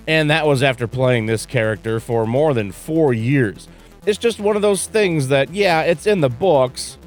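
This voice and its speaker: A man narrating a scripted tribute video in a measured, even reading. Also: a little high.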